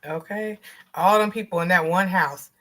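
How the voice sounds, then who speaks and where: A woman in her thirties in relaxed, laughing chat on a trivia livestream, reading out viewer comments. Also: on the low side, normal speed. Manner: laid-back, laughs often, reads viewer comments aloud. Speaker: livestream co-host.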